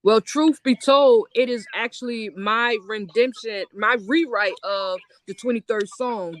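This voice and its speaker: A poet performing spoken-word verse in a rhythmic, intense delivery, breaking into a high, drawn-out sung chorus, then chatting plainly about the piece. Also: a bit bright. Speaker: poet guest.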